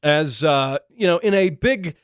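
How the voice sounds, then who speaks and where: A man's voice: on the high side, expressive, a little slow, clean tone, dry recording, studio quality. A man hosting his own car radio show and podcast, talking casually and wryly with many ums and restarts. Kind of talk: casual solo podcast commentary.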